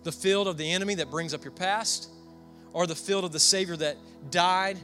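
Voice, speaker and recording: Southern preacher, young man, high-ish bright voice, chatty storyteller who quizzes the room. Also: moderate pace, soft background music. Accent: Southern American. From Southern United States. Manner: storytelling, conversational, asks the crowd questions. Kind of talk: sermon. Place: church before a congregation.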